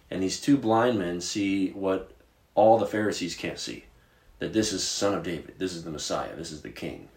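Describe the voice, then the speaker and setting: A man from Virginia co-hosting a podcast, chatting about Bible stories in a casual, animated way with plenty of filler words. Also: fairly low pitch, roomy sound. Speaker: podcast co-host.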